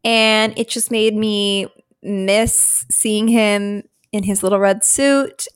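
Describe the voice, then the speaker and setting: A woman's voice: medium pitch, fairly even intonation, takes it slowly, clear, resonant tone. Giggly, rambling woman podcaster. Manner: rambling and giggly, many fillers. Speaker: podcast co-host. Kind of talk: casual chat.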